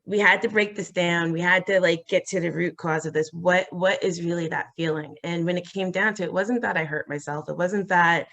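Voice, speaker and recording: A woman as an interview guest, telling a personal story in a halting, earnest way with many fillers and restarts. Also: fairly bright tone. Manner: acts out quoted voices, rising high.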